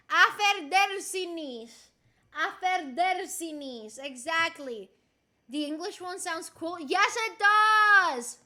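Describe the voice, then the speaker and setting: A young woman from Puerto Rico talks casually with her stream chat in a high, bright, forceful voice. She's playful and giggly, and she swears now and then.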